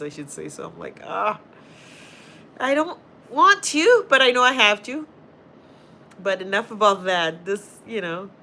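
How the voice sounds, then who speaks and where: Chatting casually with her livestream viewers and responding to their comments, a Boston woman who teaches healthcare talks in her Boston accent. Her voice is lowish with a fairly bright tone, and there's a little hiss or hum.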